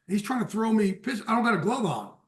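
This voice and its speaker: A man with a high, bright voice tells a story on a sports podcast. He is animated and keeps breaking into laughter. He talks casually, as a guest would. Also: quick pace. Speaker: guest football insider. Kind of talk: casual anecdote telling.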